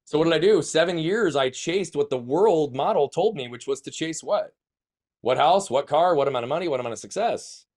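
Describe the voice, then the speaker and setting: A man's voice: on the high side, animated, fairly quick, a little mellow. A man, a guest telling his story in an emphatic way, swearing at times and asking himself questions. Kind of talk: conversational storytelling.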